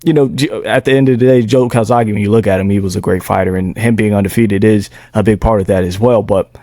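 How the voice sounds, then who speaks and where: A young man with a low voice making his case in a laid-back sports podcast. He speaks at a measured pace, drops casual slang, and sounds dry and close with no room echo. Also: steady tone, dark tone. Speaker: podcast co-host.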